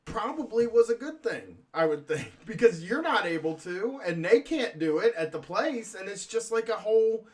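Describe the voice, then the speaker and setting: Male co-host, high voice, rambling and hesitant, casual talk. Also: very animated, normal speed, few pauses. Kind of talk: casual chat.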